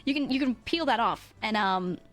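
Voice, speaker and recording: A woman's voice: a little high, animated, normal speed, soft background music. A woman streamer telling a rambling story in casual chat, swearing freely, often laughing and correcting herself.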